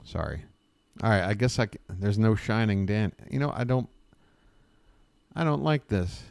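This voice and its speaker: Male streamer, lowish voice, dry sound; casual, sarcastic, rambling riffing. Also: animated, moderate pace, vocal fry, a little mellow, no echo. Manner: rambling, self-interrupting. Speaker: live-stream host. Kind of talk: casual live-stream commentary.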